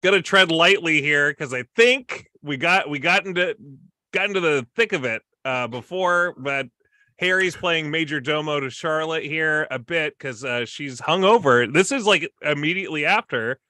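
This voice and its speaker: A man's voice: a little high, normal speed, sharp tone, dry recording. A man co-hosting a livestream, chatting about a TV finale with dry, jokey asides. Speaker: podcast co-host. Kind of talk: casual recap chat on a livestream.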